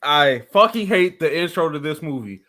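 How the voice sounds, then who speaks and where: A man on a casual podcast, ranting with lots of swearing and an animated, worked-up delivery. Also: a little high, normal speed. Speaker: podcast co-host.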